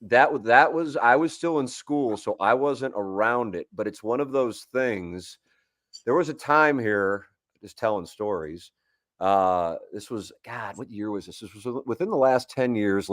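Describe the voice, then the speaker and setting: A man's voice: on the low side, normal speed, no echo, studio quality. A man in his forties, a sports radio guest, telling long rambling anecdotes with frequent restarts in a casual sports talk show.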